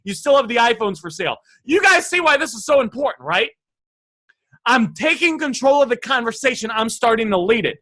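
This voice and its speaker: This sales coach speaks fairly quickly and expressively, his voice high, bright and forceful, during a live online lesson. He pushes his points with emphatic energy straight at viewers, repeatedly involving them with direct questions.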